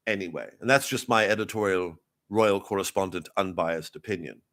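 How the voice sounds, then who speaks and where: A man riffing as a pompous royal correspondent in a rambling, deadpan, improvised satirical live commentary. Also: on the low side, normal speed. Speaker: comedian in character as a royal correspondent.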